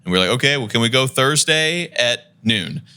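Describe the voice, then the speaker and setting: A man telling a long, lively story in a casual podcast chat, laughing as he goes and acting out the people in it. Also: medium pitch, normal speed, clear, resonant tone. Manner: animated storyteller, laughs while talking, acts out the people in his story.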